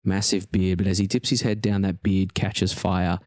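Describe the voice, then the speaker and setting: Deep-voiced man running a tabletop game. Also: level tone, normal speed, a little mellow, a little hiss or hum. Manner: descriptive, easygoing. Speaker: game master.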